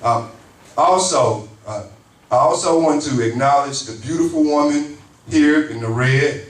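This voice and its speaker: A man who is an emcee and university teacher hosts a community town hall, earnestly and gratefully making acknowledgements and introducing speakers. His voice is a little high and his pace measured. The recording has a roomy hall sound, is far from the mic, and carries faint noise.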